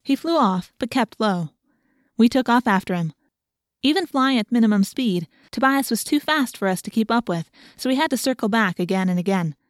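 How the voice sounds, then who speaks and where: Woman audiobook narrator, expressive, dry close mic. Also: fairly high pitch, normal speed, no room sound. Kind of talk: scripted first-person narration.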